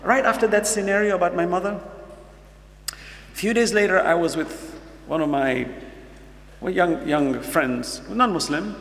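Middle-aged new guy preaching, gravelly, kinda high voice, echoey hall. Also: unhurried, long pauses, a bit bright. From United States. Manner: earnest storyteller, acts out dialogue, asks the audience questions. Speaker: Muslim speaker. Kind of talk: storytelling sermon. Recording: echoey hall with faint hum.

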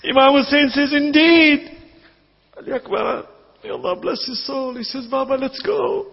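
A man preaching an impassioned sermon, slowing down and rising to shouts at its peaks, with a husky voice. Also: very high voice. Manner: impassioned, slows and rises to shouts at climaxes. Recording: dull, echoey hall recording.

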